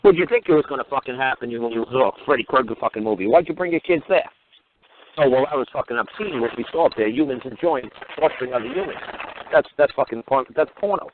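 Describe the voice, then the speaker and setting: A man's voice: mid-range voice, expressive, quick pace, a little hiss or hum. A man hosting a radio talk show, ranting with crude, mocking, swear-filled talk. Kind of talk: profane ranting monologue. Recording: tinny phone-line radio audio.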